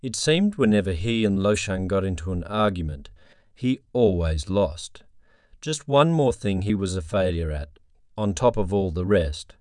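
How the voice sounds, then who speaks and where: A man narrating a scripted story in a solemn, measured way on a close mic. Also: on the low side, darkish tone, clear, resonant tone, no echo.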